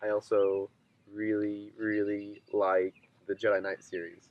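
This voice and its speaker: A man co-hosting a casual chat, relaxed and rambling with lots of fillers. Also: fairly low pitch, a little slow, lo-fi sound.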